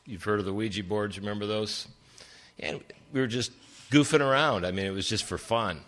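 An older man preaching a sermon, telling stories with big swings in pitch for emphasis. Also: brisk, fairly bright tone.

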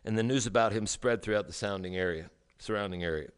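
A man preaching a sermon as a pastor, emphatic, with rhetorical questions and dramatic pauses. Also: lowish voice, clean tone.

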